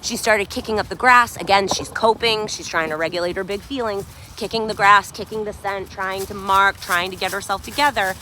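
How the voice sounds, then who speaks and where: A woman dog trainer talking through a live outdoor training session, praising the dog in high excited bursts between her explanations. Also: a little fast, few pauses. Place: outdoors by a sidewalk. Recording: faint outdoor noise, at times far from the camera.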